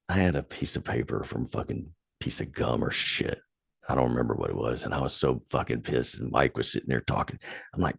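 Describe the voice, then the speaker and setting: A man's voice: extremely low pitch, normal speed, creaky, slightly rough, no room sound, clean studio sound. A man hosting a podcast, casually telling a story with lots of swearing, getting heated as he recalls old anger. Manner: profane, animated when retelling anger. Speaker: podcast host.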